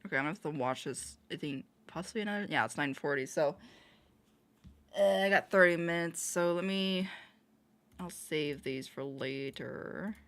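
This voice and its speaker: A woman's voice: sits low, moderate pace, a bit bright. A woman livestreaming casual chat, rambling and often laughing, with frequent self-interruptions.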